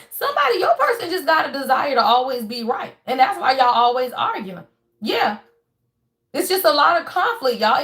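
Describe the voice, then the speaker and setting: A woman giving a casual tarot reading to her viewers, emphatic and profane, with animated laughs and sudden shouts, tagging her sentences with y'all. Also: high-pitched. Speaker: tarot reader.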